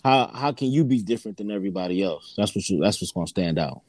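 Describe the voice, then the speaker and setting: A man's voice: low-pitched, animated, fast talker, darkish tone, no room sound. A man, a comedian guest talking in a laid-back, slangy way in a casual interview, laughing often. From New York.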